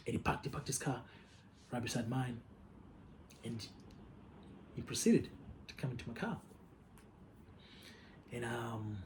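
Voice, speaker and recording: A man's voice: medium pitch, mellow, a little hiss or hum. A man telling a story from his own life in a casual, candid way. He swears freely and often repeats himself. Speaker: vlogger.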